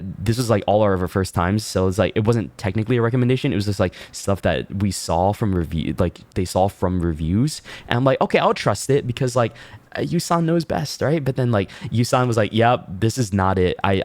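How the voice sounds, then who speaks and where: A man's voice: low-pitched, no room sound. Male streamer, casual storytelling, lots of fillers, swearing, dry close sound. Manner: animated, laughing, swears, many fillers.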